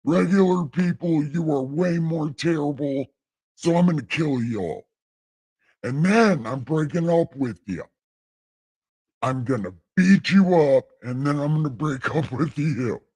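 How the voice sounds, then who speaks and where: A man's voice: a little high, animated, unhurried, darkish tone, husky, heavily acted. A man voicing God as an irritable, swearing figure ranting at people in a mock-angry, rambling way. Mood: mock-furious.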